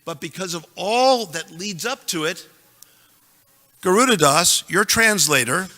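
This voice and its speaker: A man's voice: high voice, lively intonation, measured pace, pushed and bright. Emphatic man lecturing in a reverberant hall. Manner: emphatic, joking asides, recites verses. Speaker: scripture teacher. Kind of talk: lecture on scripture to an audience. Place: temple hall.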